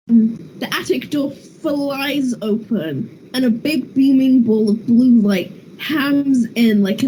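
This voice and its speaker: A woman player narrates a scene in a tabletop game in a mellow, slightly high voice. She is playful, with apologetic asides, and faint noise sits behind her. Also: rough recording. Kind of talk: role-play narration.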